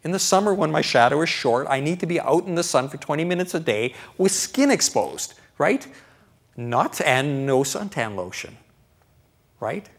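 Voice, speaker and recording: A middle-aged male doctor delivers a live lecture on health to an audience. He speaks conversationally, with animated swings in his delivery. He acts out his own thoughts along the way and keeps checking in with the listeners. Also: on the high side, moderate pace, vocal fry, slightly rough. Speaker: doctor giving a public lecture.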